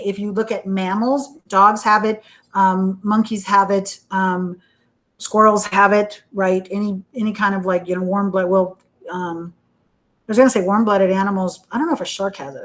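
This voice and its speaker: A woman's voice: mid-range voice, moderate pace, fairly bright tone. A woman giving a recorded university lecture in a conversational way, asking "right?" after almost every point and acting out panicked inner voices to make examples vivid. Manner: conversational, checks in with "right?" constantly.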